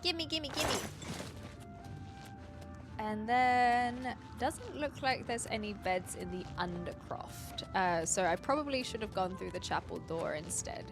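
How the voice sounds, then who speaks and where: Chatty woman streamer, lively pitch. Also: a little slow, hardly any pauses. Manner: chatty, thinking aloud, frequent fillers. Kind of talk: casual gameplay commentary. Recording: game music clearly behind. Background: game music.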